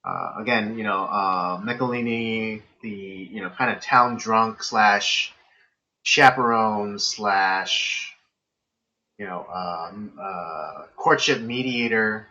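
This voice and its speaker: A man co-hosting a casual film-review podcast, his voice bright and forward. He talks in halting bursts full of fillers and turns sarcastic with his co-host. The sound is muffled and lo-fi, like a live stream. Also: fairly low pitch.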